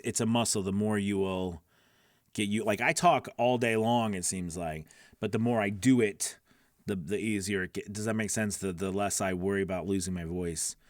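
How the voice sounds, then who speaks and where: Hosting a live class for voice actors, a man with a fairly low voice talks casually and rambles, full of fillers and restarts. He laughs often, reads chat questions and answers viewers by name. The studio-quality audio has no room sound.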